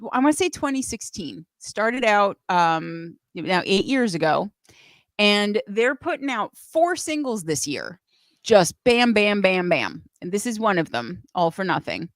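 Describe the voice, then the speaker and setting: A woman's voice: mid-range voice, no echo. A woman hosting a live music show, bubbly and playful, laughing often. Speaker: host.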